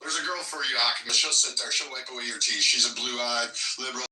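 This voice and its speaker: A man's voice: mid-range voice, a little fast, bright, forceful tone. A man hosting a livestream, delivering a furious, taunting, profane rant at callers. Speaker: livestream host. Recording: roomy echo from far off the mic.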